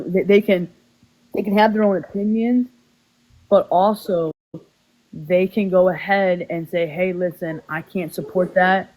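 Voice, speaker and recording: On his own livestream, a male host gives an apology talk about taking accountability, rambling and repeating himself in an earnest yet defensive way. His voice is a little high, and the recording quality is low.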